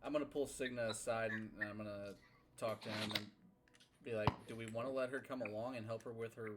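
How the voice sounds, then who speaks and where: A man's voice: on the low side, fairly even intonation, fast, heavy background noise. A man playing a tabletop game, sarcastic and joking. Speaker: player.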